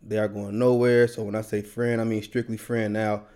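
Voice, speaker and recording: A man's voice: fairly low pitch, flat delivery, moderate pace, dark tone, clear, resonant tone. Laid-back man hosting a podcast chat. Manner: laid-back, agreeable, lots of "right". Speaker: podcast host.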